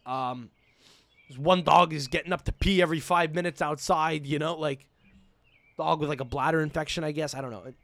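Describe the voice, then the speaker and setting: A young man hosting a podcast, telling a story in an excitable, profane rant. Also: fairly high pitch, brisk, dry recording. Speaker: podcast host. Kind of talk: casual rant.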